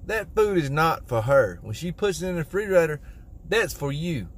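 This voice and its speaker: A man's voice: a little high, animated, moderate pace. Mock-serious man giving satirical advice. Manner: confident, mock-serious, drawling. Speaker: comedy content creator. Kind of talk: deadpan satirical advice monologue.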